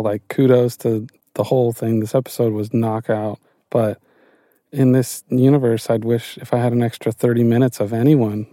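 A laid-back man co-hosts a casual podcast chat, speaking in a measured way. His tone is very dark and mellow, and the recording is dry and close. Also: medium pitch, dry recording. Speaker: podcast co-host.

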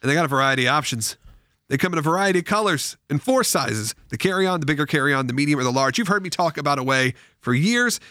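A man who has school-age kids, hosting a podcast, chatting casually and reading sponsor ads in an animated, jokey way. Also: on the high side, fast, dry recording, clean studio sound. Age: adult with school-age children. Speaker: podcast host. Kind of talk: casual chat and host-read ad.

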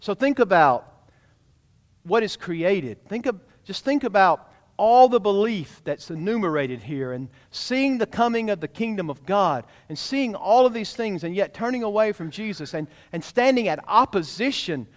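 Male pastor, sermon, emphatic preaching, high voice, long church reverb. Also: expressive, moderate pace. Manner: emphatic preaching, rhetorical questions to the congregation. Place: church sanctuary.

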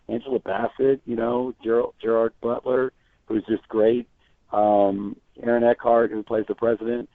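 Chatty male reporter guest on a phone line, lowish voice, dry and tinny. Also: no echo. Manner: chatty storyteller with frequent restarts. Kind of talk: casual phone interview.

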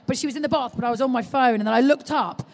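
Rapid-fire and fairly high-pitched, a woman chats live as a podcast guest on motherhood from a stage at a large exhibition hall. She animatedly tells stories and performs other people's lines, echoing with long hall reverb.

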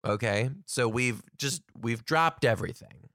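A man, a teacher, chatting casually with viewers as he tells a story in an animated way, swearing now and then. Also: mid-range voice, a little slow, vocal fry, no room sound, clean studio sound.

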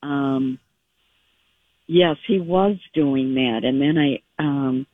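A man's voice: mid-range voice, drawn-out words, no echo. A man calling into a pet advice show, hesitant and agreeable, with many fillers. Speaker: caller. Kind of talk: call-in question. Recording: tinny phone line.

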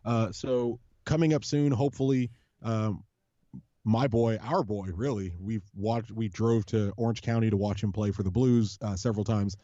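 A man's voice: lowish voice, fairly even intonation, normal speed, dark tone, dry recording, highs cut off. A man co-hosting a casual podcast about a soccer club, telling long rambling stories with lots of restarts and casual swearing. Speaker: podcast co-host, supporters' group leader.

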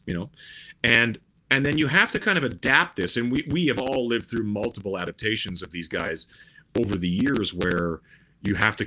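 A man's voice: lowish voice, sharp tone. A middle-aged man chatting casually as a podcast guest, rambling with many restarts and fillers. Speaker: guest musician.

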